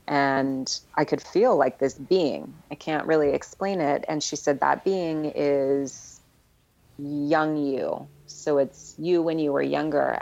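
A woman shares a personal story as a podcast guest, speaking in a low, gravelly voice. Her delivery is earnest and reflective, full of small pauses and fillers. The recording sounds a little dull and muffled. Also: darkish tone.

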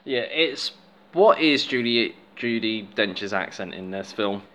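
Hesitant man with a lively voice. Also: fairly low pitch, slow. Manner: hesitant, puzzled. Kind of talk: casual film-review chat.

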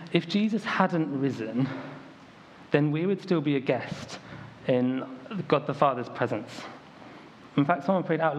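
Young man, from the UK, casual sermon, storytelling, filler words, church hall, muffled recording, faint background hiss. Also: a little high. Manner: casual, storytelling, frequent ums and likes. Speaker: preacher. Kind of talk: conversational sermon. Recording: dull lo-fi recording, faint ambient noise.

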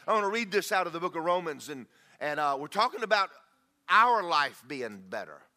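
A man's voice: a little high, sing-song, fairly quick, bright, forceful tone. A middle-aged man preaching a sermon. He tells folksy stories and rises into fervent prayer. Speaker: pastor.

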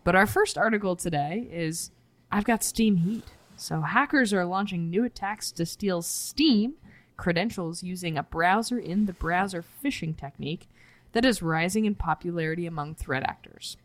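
A woman co-hosting a casual podcast, joking with puns and laughing often in a quiet studio. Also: lowish voice, normal speed, dry recording. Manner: playful, punny, laughs often. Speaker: podcast co-host. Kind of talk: casual cybersecurity podcast chat. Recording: dry studio sound, faint music.

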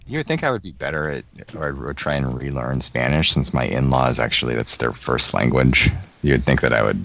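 A man in casual podcast chat, relaxed and quick to agree. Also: a bass voice, gravelly, dry recording.

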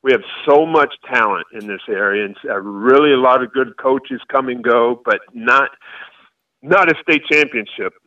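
Chatty coach on a muffled distant line. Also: male voice, medium pitch, pushed and bright. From Florida. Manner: rambling, halting restarts. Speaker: high school football coach. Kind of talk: casual interview answers.

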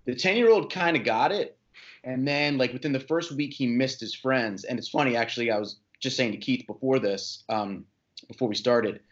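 A man talking in a candid, joking way as a podcast guest. His voice sits in a middle pitch. The sound is dull and lo-fi. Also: normal speed. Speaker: podcast guest, dad blogger. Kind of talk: casual chat.

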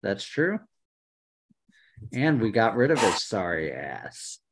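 Guy cohosting a hockey-ish podcast, low voice that jumps all over, cusses a lot, mutters while he looks stuff up. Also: slow pace, breathy edge. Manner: excitable, swearing, muttering while searching. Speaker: podcast co-host. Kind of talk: casual chat.

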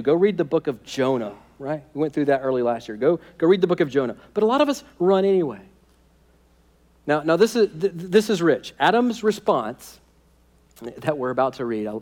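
Male pastor, casual jokey sermon delivery, slightly higher voice. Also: a little mellow. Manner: conversational, humorous, keeps asking "right?".

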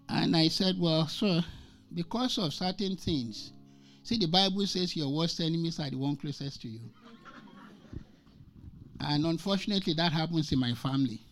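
With soft music in the background, a man in his sixties from Nigeria preaches as a guest speaker at a moderate pace, leaving long pauses. His voice is a little high, and he emphatically repeats scripture and shares episodes from his life.

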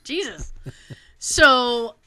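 A woman in her thirties hosting a casual chat, animated and profane, laughing often. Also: a little high, very slow. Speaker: podcast host.

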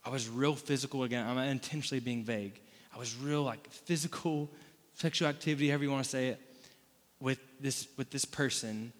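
A man's voice: medium pitch, fairly quick. A man from Florida preaching a sermon in a casual, conversational way, with asides and rhetorical questions to the room. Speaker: pastor. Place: church hall. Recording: long hall reverb.

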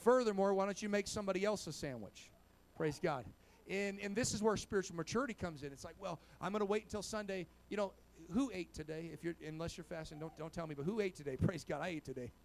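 A male pastor delivers a sermon in a high-sitting voice, talking fast with vocal fry. He sprinkles in "amen" and "praise God," shifting between quiet asides and loud exhortation.

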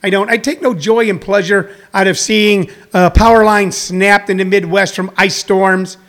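A man's voice: high voice, steady tone, normal speed, a bit bright. A middle-aged man hosting a live talk show, rambling and chatty with jokey asides, a little out of breath. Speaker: host.

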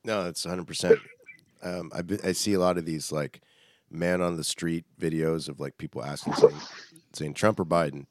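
Deep-voiced man in lively casual chat. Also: moderate pace, dry recording, clean studio sound.

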